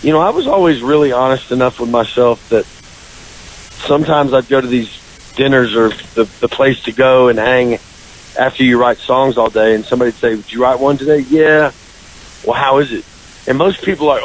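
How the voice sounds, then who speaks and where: A man talks through a story on a radio show, lively and full of voices for his friends. His pitch sits in the middle. A faint hiss runs under the recording. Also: fairly quick, rough recording. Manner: animated storyteller, jumps into high voices for quoted friends. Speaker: country singer, guest. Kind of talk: casual storytelling interview. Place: radio studio.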